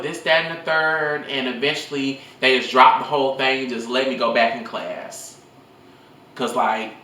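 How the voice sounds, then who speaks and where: A young man rambles through school stories in a casual vlog, swearing freely as he talks into his phone. His voice sits at medium pitch, and the distant mic leaves the room sounding echoey as he tells his tales with animation.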